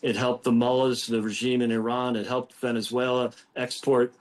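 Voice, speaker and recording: A man from the United States makes his case as a guest in a live news debate. His voice is mid-pitched, and he argues confidently, often doubling words as he restarts a phrase. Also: level tone, normal speed. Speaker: political commentator guest.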